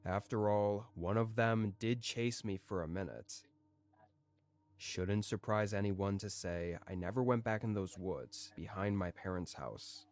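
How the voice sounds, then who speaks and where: Guy with a lowish voice telling a creepy camping story, calm and steady. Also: measured pace. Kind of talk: scripted first-person horror narration.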